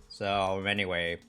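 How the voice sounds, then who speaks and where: A man's voice: low-pitched, a bit bright, clear, resonant tone. A man casually chatting with live viewers on a stream, rambling with many fillers and restarts. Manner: rambling, halting, lots of fillers. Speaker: livestream host.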